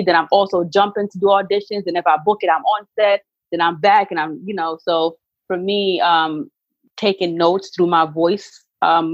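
Woman guest, middle-aged, emphatic and candid; low voice, muffled dry recording. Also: dry recording. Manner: earnest, emphatic, faith-filled storytelling. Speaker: guest, author and actress. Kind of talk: candid interview talk.

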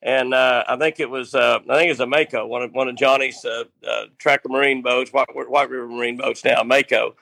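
A man's voice: medium pitch, steady tone, fairly quick, gravelly, few pauses, bright, forceful tone, no room sound. An older man telling a funny fishing story in a casual, rambling way, restarting lines and laughing at his own tale. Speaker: guest storyteller.

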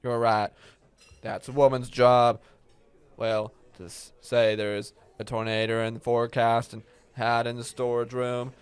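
A man playing a grumpy, greedy old diner manager with a gruff, dismissive manner in an amateur comedy sketch. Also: mid-range voice, level tone, close to an everyday voice. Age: older. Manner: gruff, dismissive and slow-spoken.

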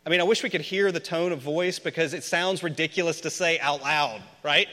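Bright-voiced preacher in a reverberant hall. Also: male voice, a little high, brisk, few pauses. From Memphis, USA. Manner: chatty, asks the congregation questions. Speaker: pastor. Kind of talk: conversational sermon. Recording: long reverb of a large hall.

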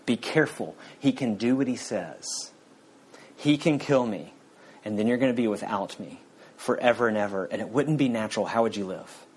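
A little pet lizard, put on by a man reading aloud, coaxes its owner in a hushed, sly murmur. It wheedles softly and never raises its voice. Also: on the low side, animated, moderate pace, breathy edge, poor audio. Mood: wheedling.

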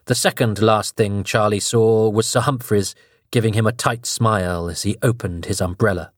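Male narrator, low voice, dry close recording, measured and dramatic story read. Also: dry recording.

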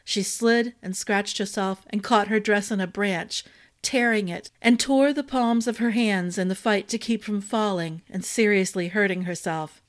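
A woman storyteller reading a fantasy novel aloud in a steady, expressive narration. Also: mid-range voice, measured pace.

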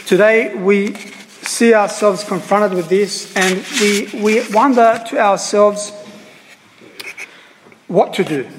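A man preaching a sermon as a priest, earnest and halting, repeating phrases and pausing on fillers. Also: sits high, big-room sound, slight background noise, poor audio.

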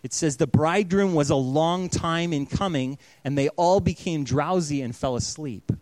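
A man in his thirties, a pastor giving an earnest storytelling sermon that often drops to a hush. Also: on the high side, moderate pace, no room sound.

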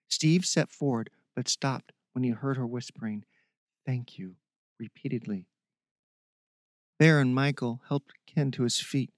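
A man narrating a fiction podcast in a steady reading voice and signing off to his listeners. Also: medium pitch, dry recording, clean studio sound. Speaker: podcast storyteller. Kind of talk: scripted story narration.

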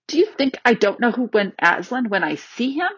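An earnest young girl with a high, breathy voice, as a woman reads her in a storybook. She pleads with feeling, and the dry, slightly dull recording sits close and plain. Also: very animated, moderate pace, fairly bright tone, dry recording, exaggerated voice. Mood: indignant. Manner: pleading, emotional.

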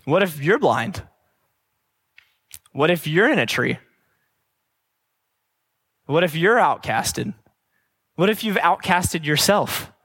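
A man with a high voice preaches a sermon. He drives each point home with repeated rhetorical questions and drops into casual, conversational asides. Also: sing-song, takes it slowly, pauses often, fairly bright tone, slightly rough.

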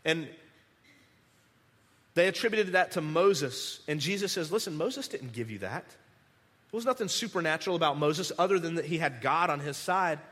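A man preaching a conversational sermon, animated, restarting words and acting out the people he quotes. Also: a little high, normal speed, long pauses, long reverb tail. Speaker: pastor.

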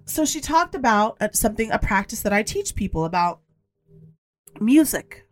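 A woman's voice: fairly high pitch, big pitch swings, normal speed. Candid, emphatic woman podcast host. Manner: candid, emphatic storytelling with repetition; blunt, occasionally swears. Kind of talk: personal podcast monologue.

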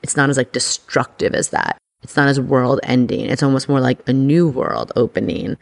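A woman hosting an astrology podcast, talking in a chatty, excitable way full of "like". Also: a bass voice, normal speed, vocal fry. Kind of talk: casual podcast monologue.

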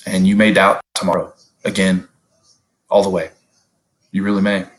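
A man preaching a sermon in an earnest, conversational way, often rising in pitch to stress a point. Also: little pitch movement, normal speed, rough recording.

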